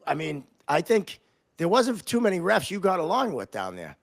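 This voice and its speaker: Guy telling stories on a podcast, high voice all over the place, gravelly, laughs a lot. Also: moderate pace. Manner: animated storyteller, laughs often. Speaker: podcast host, former referee. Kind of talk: casual storytelling chat.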